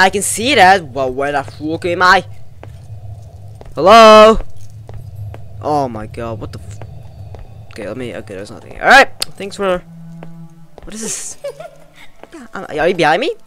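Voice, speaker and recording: A man giving casual, excitable let's-play commentary on a horror game, swearing, jumpy and talking back to the characters. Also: high-pitched. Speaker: gamer playing a horror game.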